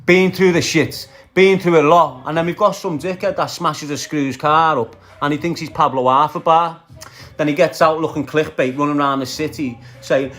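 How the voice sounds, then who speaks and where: A man's voice: on the high side, normal speed, fairly bright tone, faint music behind. A man with a Liverpool Scouse accent ranting on a phone livestream, aggressive and profane, trading insults while greeting viewers by name. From Liverpool, England. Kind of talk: casual livestream rant.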